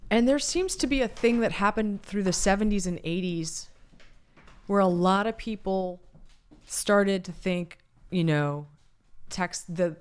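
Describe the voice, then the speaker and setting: A woman's voice: low-pitched, smooth. A woman co-hosting a casual chat, candid and blunt, swearing freely and restarting her sentences.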